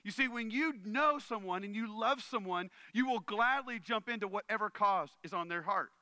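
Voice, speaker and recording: Bright, crisp-voiced male preacher. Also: high-pitched, moderate pace, dry recording. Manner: conversational, earnest preaching that checks in with the audience. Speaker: pastor. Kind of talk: sermon.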